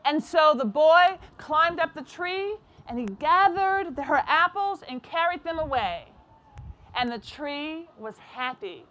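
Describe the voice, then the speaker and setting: Storyteller: woman, high voice, unhurried, soft and deliberate read-aloud. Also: lively intonation.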